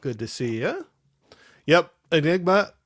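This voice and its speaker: A man's voice: a little high, lively intonation, measured pace, no echo, studio quality. A man hosting a casual livestream chat, rambling, laughing often and reading viewers' chat messages aloud. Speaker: host.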